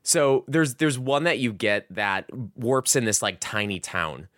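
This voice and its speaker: A man's voice: medium pitch, expressive, measured pace, fairly bright tone, no room sound, clean studio sound. A man hosting a casual video game chat, rambling and full of filler words. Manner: rambling, heavy use of "like" and "um". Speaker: podcast host reviewing a video game.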